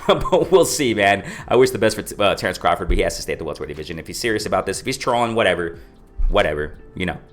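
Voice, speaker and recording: A low, expressive male voice talks fast over soft background music. On his own boxing commentary channel, he shares casual opinions, rambling, repeating himself and dropping slang fillers.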